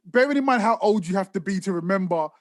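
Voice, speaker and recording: A podcast co-host tells stories animatedly in casual chat, swearing as he goes. His voice is high-pitched and fast, with no echo.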